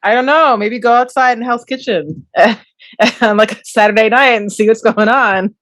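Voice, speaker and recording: A woman's voice: fairly high pitch, normal speed, fairly bright tone, no echo, clean studio sound. A young woman co-hosting a podcast in casual chat, teasing with wry asides. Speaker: podcast co-host.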